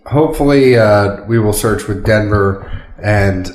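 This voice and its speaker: A man's voice: on the low side, a little slow, a little mellow, a little hiss or hum. A man co-hosting a casual podcast, joking with friends and rattling off plugs for the show. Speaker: podcast co-host. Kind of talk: casual chat. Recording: echoey room.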